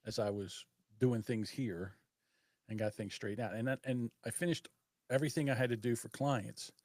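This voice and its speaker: A man's voice: medium pitch, steady tone, normal speed, darkish tone, dry recording, clean studio sound. A man, hosting a casual live stream, rambling and laughing often. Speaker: host.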